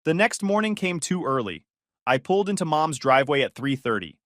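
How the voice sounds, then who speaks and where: A man telling a first-person story with dry, sarcastic bite. His pitch moves in a lively, animated way, and the recording is close and dry with no room sound. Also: fairly quick, no echo.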